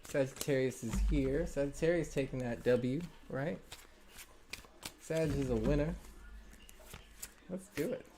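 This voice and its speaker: A man's voice: medium pitch, measured pace, pauses often, mellow, a little hiss or hum. A man doing a live tarot reading, encouraging and loose, rambling with many fillers. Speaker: tarot reader.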